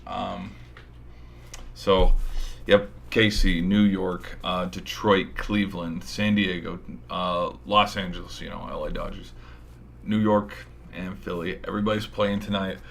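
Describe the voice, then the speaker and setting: A man's voice: sits low, flat delivery, measured pace, vocal fry. A man hosting a sports show, rambling through casual game predictions with hype and mild swearing, his voice a little tired. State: tired, voice giving out.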